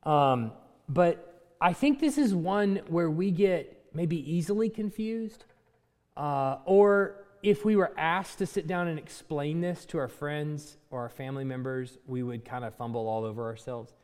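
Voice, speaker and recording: A man teaching a Bible class from slides, talking in a conversational way and thinking aloud with fillers and quick self-corrections. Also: fairly high pitch, a little mellow, big-room sound.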